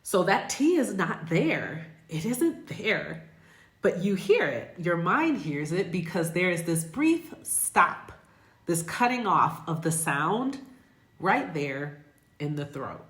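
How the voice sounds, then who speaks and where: A woman's voice: on the low side, sing-song, slow pace, fairly bright tone, reverberant. An American woman teaching English pronunciation, speaking carefully and repeating example words. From United States. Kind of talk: pronunciation lesson.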